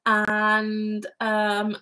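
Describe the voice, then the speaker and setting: A woman's voice: mid-range voice, monotone, extremely slow, pushed and bright, poor audio. A woman hosting a live craft vlog, chatting casually and giggling as she reads out viewer comments. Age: adult parent. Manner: chatty and giggly, rambling asides.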